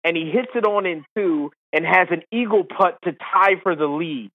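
High-voiced man telling a comic story. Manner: animated, quick, laughs between lines. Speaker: guest, golf commentator and former caddie. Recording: phone-like line, dry.

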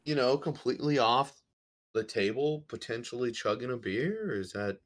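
A man's voice: medium pitch, lively intonation, moderate pace. Teasing young man who laughs a lot. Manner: teasing, laughs often, swears. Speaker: podcast host. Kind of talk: casual banter. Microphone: video call.

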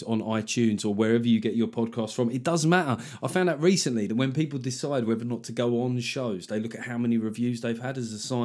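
A male podcast host with a voice at a middling pitch. He chats in a loose, jokey way and swears freely. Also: a little mellow. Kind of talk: casual chat.

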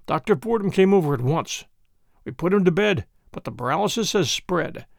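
An earnest young gentleman telling his troubles with rising indignation, read by a man. The voice is high and lively with a gravelly edge. The sound is close and dry. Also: moderate pace, dry recording. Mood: indignant. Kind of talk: audiobook character voice.

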